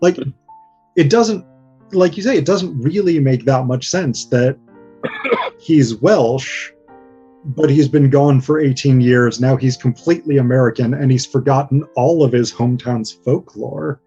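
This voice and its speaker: A male host asking thoughtful, measured questions in a conversational interview. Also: mid-range voice, dark tone, slightly rough, dull audio, soft background music.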